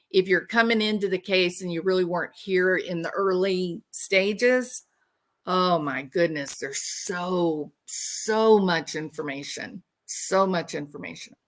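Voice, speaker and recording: A woman hosting a true crime livestream, talking casually and animatedly, laughing and mocking people with impressions. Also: fairly low pitch.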